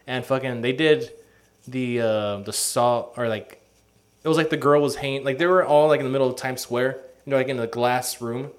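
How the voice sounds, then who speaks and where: A man's voice: mid-range voice, normal speed. A man co-hosting a podcast, telling a long rambling story in casual chat, swearing freely and filling his talk with "like" and "uh". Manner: rambling, profane storytelling with lots of fillers. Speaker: podcast co-host.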